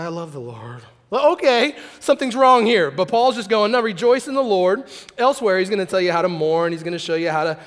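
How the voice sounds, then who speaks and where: High-voiced joking male pastor in a hall. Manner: conversational, joking, acts out quotes. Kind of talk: casual sermon. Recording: long hall reverb.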